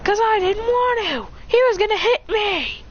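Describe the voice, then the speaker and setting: A woman's voice: very high-pitched, expressive, measured pace, dull audio, a little hiss or hum, voice pushed up. A woman doing a whiny defensive gamer guy. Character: defensive young male gamer friend.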